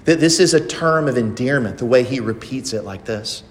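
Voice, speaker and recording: A man's voice: medium pitch, animated, normal speed. A male pastor preaching a sermon, emphatic and full of rhetorical questions. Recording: long hall reverb.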